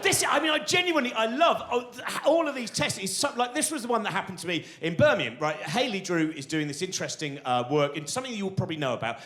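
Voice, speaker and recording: Animated man telling comic stories. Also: high voice. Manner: animated, excitable, acts out voices of people in his anecdotes. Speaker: comedian. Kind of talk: stand-up storytelling.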